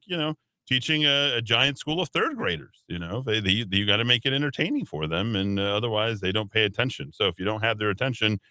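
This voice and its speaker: A man hosting a talk radio show, giving opinionated commentary in an animated, sarcastic, rambling way. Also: mid-range voice, clear, resonant tone, no echo. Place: radio studio.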